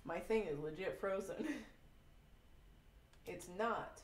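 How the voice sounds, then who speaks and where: A woman's voice: medium pitch, slow pace, a little hiss or hum. A young woman streaming casually, rambling, giggling often and swearing a lot as she chats to viewers. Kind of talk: casual live-stream chat.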